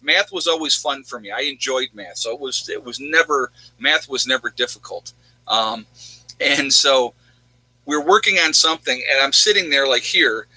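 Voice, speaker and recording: Male livestream host, chatty and rambling, piercingly bright tone, dead-dry recording. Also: medium pitch, slightly rough, dry recording, poor audio. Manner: rambling, chatty, answers viewers' questions. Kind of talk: casual livestream chat.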